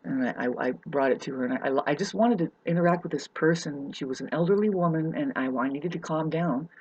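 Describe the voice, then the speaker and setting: A woman venting in a ranting monologue, profane and agitated, swinging from loud scolding to hushed asides and stumbling over her restarts. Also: low voice, fairly quick, breathy edge, muffled recording. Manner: stammering restarts. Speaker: vlogger.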